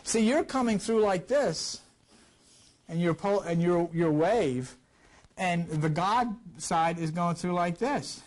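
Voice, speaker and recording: Older man lecturing in a high, rambling voice. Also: lively intonation, slow. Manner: rambling, conversational, with wide swings in pitch and loudness. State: recovering from a cough. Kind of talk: teaching a class on scripture.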